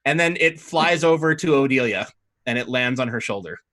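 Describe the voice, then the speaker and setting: Man game master, bright tone, rambling easy narration. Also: medium pitch, lively intonation, brisk. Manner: loose, rambling narration with many fillers. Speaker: dungeon master.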